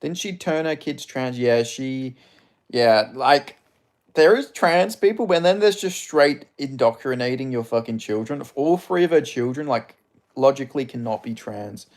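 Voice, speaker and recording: A man's voice: medium pitch, expressive, unhurried. Young Australian male streamer, crude and rambling, casual chat delivery, mid-range voice. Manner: crude, joking, rambling, reads chat questions aloud. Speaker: livestream host reading chat.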